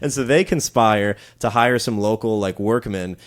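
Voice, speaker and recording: A man's voice: lowish voice, moderate pace, faint music behind. A man co-hosting a comedy history podcast, telling a story in casual chat, laughing often and slipping into goofy voices. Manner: jokey storyteller who laughs often and slips into silly voices. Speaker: podcast co-host.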